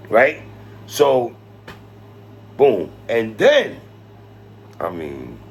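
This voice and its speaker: Hip-hop commentary host, man, swings his voice all over, gravelly, slangy and laughing a lot. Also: sits low, extremely slow, pauses often, slight background noise. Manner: animated, laughs, quotes lyrics, slangy.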